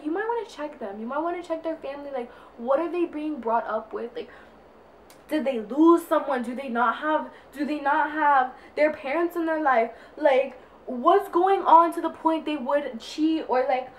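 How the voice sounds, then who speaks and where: A young woman with a high, bright-pitched voice talks through a get-ready-with-me chat at home. She is earnest and rambling, and leans on "like" constantly as she sorts out her thoughts. There is a faint hum of ambience behind her. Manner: earnest, rambling, heavy use of "like". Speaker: beauty vlogger.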